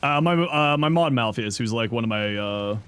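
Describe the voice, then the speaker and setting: Joking man streaming games, lively. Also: medium pitch, slight background noise. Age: 30s. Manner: loose, joking, answers chat, mild swearing and quick laughs. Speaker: game streamer. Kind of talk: casual gaming stream chat.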